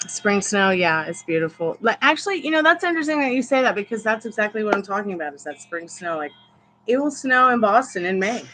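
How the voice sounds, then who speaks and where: A woman's voice: mid-range voice, expressive, quick pace, bright, forceful tone, slight background noise, poor audio. A woman in her thirties, a tarot reader on a live stream, rambling through personal stories and calling out to spirits in casual chat. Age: 30s. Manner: rambling storyteller who talks to spirits.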